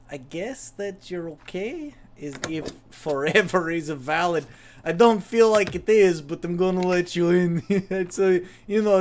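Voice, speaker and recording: A man's voice: a little high, darkish tone, a little hiss or hum. A tipsy man hosting a let's-play of a video game, rambling with profane, mocking jokes as he plays. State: tipsy from drinking. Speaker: host.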